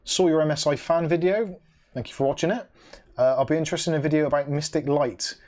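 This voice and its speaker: A man's voice: a little high, fast, darkish tone. A man hosting a casual livestream, reading viewer comments aloud and reacting with dry asides, humming to himself between messages. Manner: chatty, hums "da da da" between comments. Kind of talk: casual live-stream chat.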